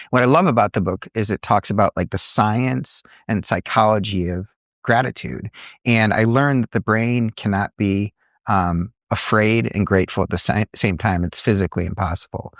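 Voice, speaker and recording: A middle-aged man, an entrepreneur and coach, telling earnest, animated stories in a podcast conversation. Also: fairly low pitch, dry recording, studio quality. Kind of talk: conversational storytelling.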